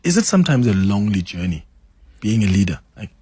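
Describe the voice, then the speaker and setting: A man's voice: on the low side, big pitch swings, quick pace, breathy edge, dry recording. A South African man hosting a radio talk show, encouraging his guest and taking calls in the studio. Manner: warm, encouraging, affirming interjections. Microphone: studio mic.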